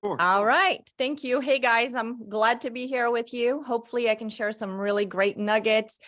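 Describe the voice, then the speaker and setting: A woman speaking as a guest on a conference call, giving an energetic, upbeat motivational talk. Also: on the high side, normal speed.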